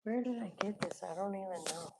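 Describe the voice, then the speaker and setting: With background noise behind her, a middle-aged Florida woman chats on her livestream, reading out viewer comments, laughing often, and cursing bluntly. Her mid-range voice moves briskly and has a touch of vocal fry.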